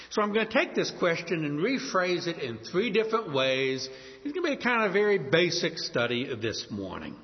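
A male pastor preaching a sermon with a dramatic delivery, slowing down to stress key words. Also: on the high side, wildly swooping pitch. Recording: long reverb, dull lo-fi sound.

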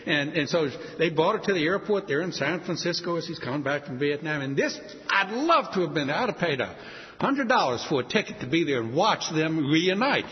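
An older man preaching a sermon, telling stories and acting out voices with sudden high leaps. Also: a little fast. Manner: animated, acts out quoted voices with big pitch leaps. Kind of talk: sermon storytelling. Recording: dull sound with long hall reverb.

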